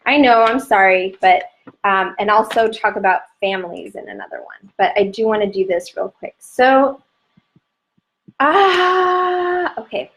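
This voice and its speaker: A woman teaching an online lesson in a chatty, gentle way, slowly listing terms one at a time. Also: mid-range voice, big pitch swings, slight background noise, poor audio. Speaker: calendar teacher.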